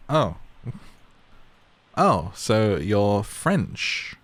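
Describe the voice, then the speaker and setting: Playful low-voiced man gaming. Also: moderate pace, faint music behind. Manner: playful, joking, talks to game characters. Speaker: gaming YouTuber. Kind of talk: casual gameplay commentary.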